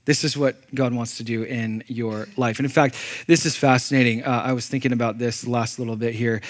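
A male pastor delivers a brisk, conversational, animated sermon. He swings between loud emphasis and low, intense passages, and he puts questions to the congregation.

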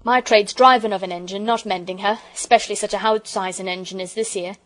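A woman putting on a gruff working-class engine driver who is kind underneath. He talks bluntly and heartily, dropping his aitches, and his lines come out a good deal louder than the narration. It reads like a character voice in a children's storybook. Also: mid-range voice, fairly even intonation, fast, close to an everyday voice. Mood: teasing. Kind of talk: storybook reading.

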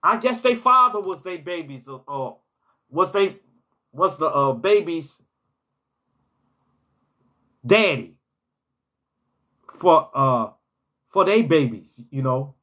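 A man's voice: fairly high pitch, lively intonation, slow pace, pauses often, sharp tone. A man telling personal stories in a casual storytime vlog, rambling and often repeating words and restarting his phrases.

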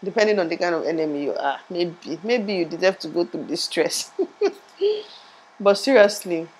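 A young woman talks to her viewers in a rambling, chatty way, often laughing at herself. Her voice sits on the low side and is a little muffled, as she is still sore from a tooth surgery. It is recorded close on a lapel mic. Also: normal speed, a little hiss or hum. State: in pain after tooth surgery, speech a bit muffled. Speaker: vlogger. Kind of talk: casual vlog chat.

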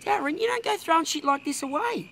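A woman playing a loud, brash male Australian bogan junk seller who rants crudely in a comedy film. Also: extremely high pitch, expressive, fast, vocal fry, slight background noise, exaggerated voice. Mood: ranting. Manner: bossy, ranting and crude. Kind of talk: low-budget comedy film acting.

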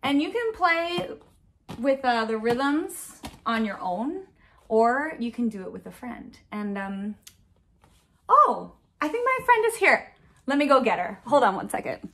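A woman's voice: on the high side, unhurried. Upbeat woman music teacher. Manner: upbeat and encouraging, chanting rhythm syllables to a steady beat. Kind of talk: at-home music lesson for children.

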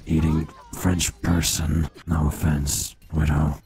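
A man with an extremely deep voice drawls through casual gaming banter, complaining and cracking jokes. He speaks slowly and sounds like he is on an online voice chat. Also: level tone, dark tone, breathy edge. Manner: whiny, complaining, joking. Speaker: gamer in voice chat.

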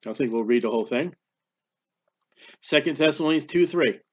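A man preaching a sermon, animated and emphatic, reading scripture aloud. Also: on the high side, moderate pace, breathy edge. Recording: dull lo-fi sound.

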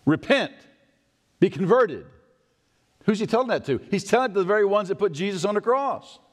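A man preaching a sermon as pastor, conversational and animated, asking the congregation rhetorical questions. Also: high-pitched, a little fast. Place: church sanctuary. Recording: long hall reverb.

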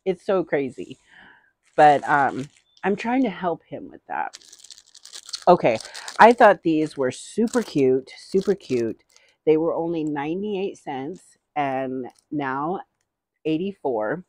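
Slow-talking, giggly middle-aged woman. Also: sits low, big pitch swings, a little mellow, dry recording. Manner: chatty, giggly, rambling. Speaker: vlogger. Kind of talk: casual haul chat.

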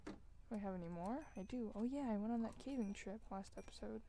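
A woman hosting a gaming video, chatting casually as she plays. She mocks herself and breaks into loud, excited exclamations. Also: mid-range voice, a little fast, a little hiss or hum. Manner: excitable, self-mocking, bursts into loud exclamations. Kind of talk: casual gameplay commentary. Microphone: desk microphone while gaming.

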